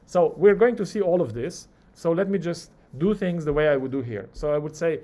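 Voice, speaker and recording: A male lecturer teaching a live coding class, talking through each keystroke and acting out the software's replies. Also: on the high side, lively intonation, a little fast, hardly any pauses.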